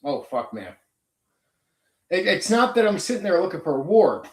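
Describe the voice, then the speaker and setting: A man's voice: sits high, very animated, normal speed, roomy sound. A man hosting his own channel, ranting in a blunt, profane, combative casual monologue. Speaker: channel host.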